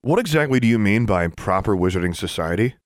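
A man's voice: on the low side, animated, quick pace, dry recording, clean studio sound, lightly acted. A man reading an audiobook voices a cheeky schoolboy challenging an adult.

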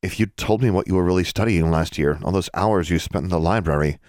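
A man's voice: low voice, fast talker, darkish tone, no room sound, studio quality, close to an everyday voice. A man voicing an eager, cheeky schoolboy.

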